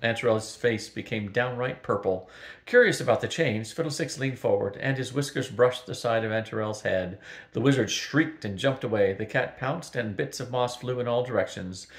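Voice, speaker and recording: An older man reads a children's fantasy novel aloud at a steady, unhurried pace, his voice sitting at a middle pitch. The recording has a roomy echo around it. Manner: steady and even, with small slips. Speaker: grandfather reading aloud. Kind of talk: storybook read-aloud.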